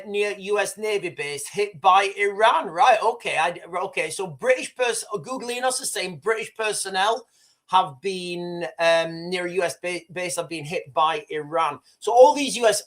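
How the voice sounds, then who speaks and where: A man hosting a live news commentary stream, rambling and excitable with many restarts, boastful and opinionated. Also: high voice. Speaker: livestream host.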